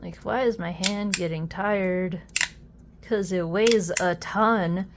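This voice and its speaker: A young adult woman chatting casually while unboxing a fidget toy, easily amused and quick to exclaim. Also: lowish voice, steady tone, background noise.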